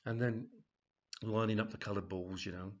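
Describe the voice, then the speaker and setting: Husky man telling a cheeky story. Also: on the low side, fairly even intonation, normal speed. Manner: rambling, full of ums and chuckles. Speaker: comedy storyteller. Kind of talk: reading a comic story aloud. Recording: dull, lo-fi home recording.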